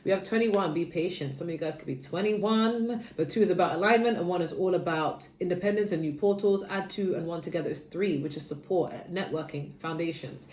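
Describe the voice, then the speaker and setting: A woman's voice: fairly quick, few pauses, a little mellow, roomy sound, a little hiss or hum. Tired, chatty woman reading tarot. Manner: chatty, tired, drifting between low murmurs and bursts of energy. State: sleepy. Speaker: tarot reader.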